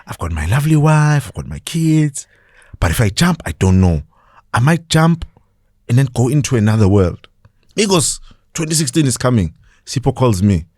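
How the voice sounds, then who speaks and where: A fairly low-pitched South African voice comes through in studio quality with no room sound. He's a podcast guest in a casual interview, laughing often while animatedly telling stories and performing the voices of the people he quotes.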